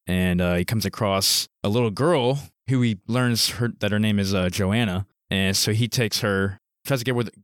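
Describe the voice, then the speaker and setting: A man on a movie podcast, summing up a film's plot in a relaxed way with frequent fillers. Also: on the low side, dry recording, clean studio sound. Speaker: podcast co-host. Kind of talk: casual movie discussion.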